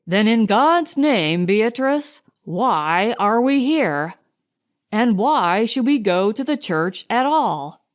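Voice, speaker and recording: A woman playing an impulsive young gentleman, exasperated, vehement, slow, audiobook. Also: mid-range voice, lively intonation. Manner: vehement, half angry.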